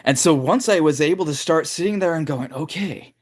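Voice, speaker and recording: A man's voice: a little high, brisk. Rambling man teaching a live vocal lesson. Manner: rambling, loose talk with many fillers. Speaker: vocal coach streaming live. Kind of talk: casual livestream vocal lesson. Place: at home.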